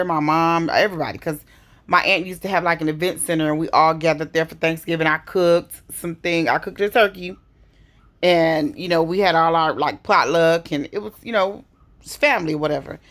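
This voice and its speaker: A woman's voice: fairly low pitch, a bit bright. A woman, telling a personal story in an emotional, conversational way and often repeating herself. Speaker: vlogger.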